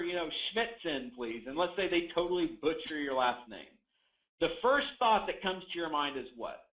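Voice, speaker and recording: A man's voice: fairly high pitch, fairly bright tone, echoey room, low-quality recording. A man coaching real estate agents in an emphatic motivational talk, repeating key phrases and acting out sales calls.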